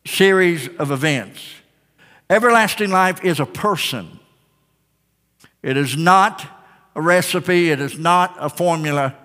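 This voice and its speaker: A man's voice: on the high side, pushed and bright, long reverb tail. A man preaching a sermon, telling folksy stories and building to fervent, repetitive declarations.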